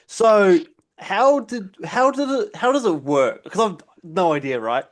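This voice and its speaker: Curious male podcast host, fairly high voice. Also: animated. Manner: casual, curious, quick to swear and laugh along. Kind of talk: casual interview.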